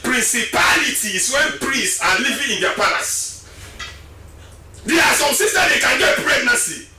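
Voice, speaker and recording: A man preaching a fiery sermon, shouting and singing his lines and repeating phrases for emphasis. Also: very high-pitched, expressive, moderate pace, distant mic, over loud music. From Sierra Leone. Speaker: pastor. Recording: roomy, from off mic.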